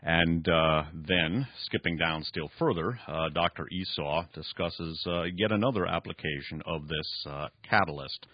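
A male radio host giving commentary in a measured way, with hesitant asides. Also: deep voice, dry recording, muffled recording. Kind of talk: commentary with read-aloud excerpts.

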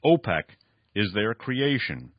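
A man voicing a frail, proud old male scientist who rasps and wheezes as he lectures. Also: lowish voice, sing-song, takes it slowly, dry recording, muffled recording, voice pushed up, heavily acted. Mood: lecturing. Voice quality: raspy, short of breath.

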